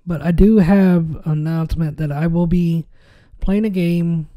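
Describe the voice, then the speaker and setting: A man's voice: a little high, steady tone, a little slow, dull audio. A man hosting a podcast in casual chat, rambling with many fillers and restarts, his nose a little stuffy. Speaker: podcast host.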